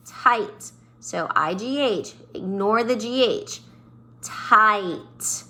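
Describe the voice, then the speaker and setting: A woman's voice: mid-range voice, lively intonation, drawn-out words, pushed and bright. A woman teacher giving a phonics lesson to young children. She has a sing-song way of talking, stretching and stressing each sound.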